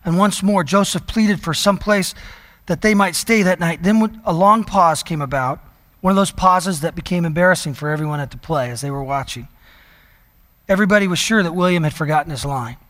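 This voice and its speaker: A man preaching a sermon, telling a story and slowing down to stress key words. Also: a little high, fairly bright tone, big-room sound. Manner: storytelling preacher, slows down for emphasis. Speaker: pastor.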